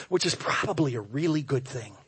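A man's fairly high-pitched voice fills a church sanctuary as he preaches. Delivering a story with wry humor at his own expense, the pastor alternates between quiet, hushed passages and loud bursts.

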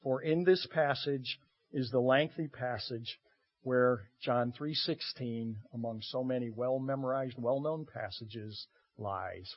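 A man preaching a sermon as pastor, expressive, moving between loud emphasis and quiet asides with dramatic pauses. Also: medium pitch. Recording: muffled lo-fi recording.

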